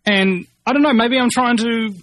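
A man's voice: very high voice, moderate pace, a bit bright, no echo. A man in an agitated, rambling rant, often repeating himself and restarting. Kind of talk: ranting monologue.

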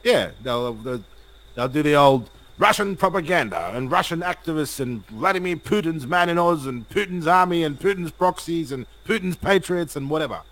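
A man's voice: on the high side, animated, normal speed, a bit bright, rough recording. A man hosting a casual interview and pushing his opinions emphatically. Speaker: host.

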